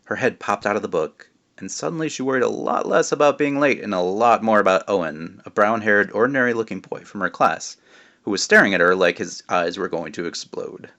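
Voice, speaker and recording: A man, the author, reading his children's book aloud in a friendly, relaxed way, adding asides. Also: on the low side, a little fast, highs cut off. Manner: friendly, relaxed, comments between passages.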